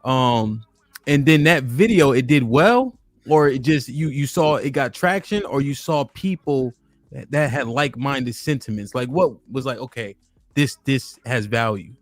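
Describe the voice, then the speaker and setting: A man hosting a casual podcast interview, his talk loose and peppered with slang and fillers. His voice sits at an everyday middle pitch. It is recorded dry and close on a studio dynamic microphone, with no room sound. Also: animated, unhurried, dry recording. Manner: laid-back, loose slang, frequent "you know" and "um". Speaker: podcast host.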